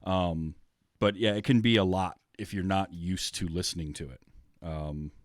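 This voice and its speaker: A man's voice: low-pitched, fairly even intonation, normal speed, no room sound, studio quality. A man hosting a podcast, talking casually about a film with lots of fillers and restarts. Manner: chatty, many fillers and restarts. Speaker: podcast host.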